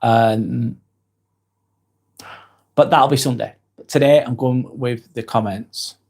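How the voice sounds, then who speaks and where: A British man hosting a live stream, reading viewer comments aloud and answering them in a soft, sympathetic way with light laughs. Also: mid-range voice, steady tone, takes it slowly, creaky, husky.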